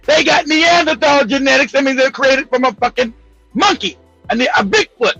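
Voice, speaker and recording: A man's voice: very high voice, normal speed, creaky, bright, forceful tone, no echo, lo-fi sound, faint music behind. A man co-hosting a talk show, teasing, laughing and swearing. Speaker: show co-host. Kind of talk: casual talk show banter.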